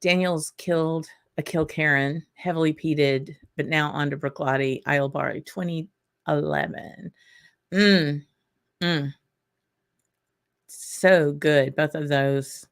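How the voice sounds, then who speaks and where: Slow, gravelly woman chatting. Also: low voice. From Louisiana. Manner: chatty, reading out chat names, many ums and restarts. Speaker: whisky livestream host. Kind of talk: casual livestream chat.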